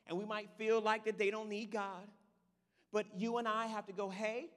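A man preaching a sermon in church, animated and talking directly to the congregation. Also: sits high, moderate pace, big-room sound. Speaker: pastor.

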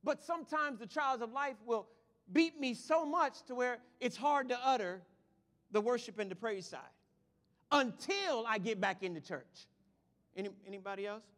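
A man preaching a lively sermon to his congregation, swinging from shouts to quiet asides. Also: very high voice, moderate pace. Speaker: pastor. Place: church sanctuary. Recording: long hall reverb.

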